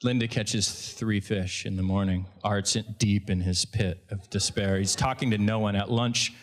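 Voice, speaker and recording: A man's voice: fairly low pitch, steady tone, normal speed. A man, a fishing guide, telling a story at a live event in a conversational way, often restarting and correcting himself.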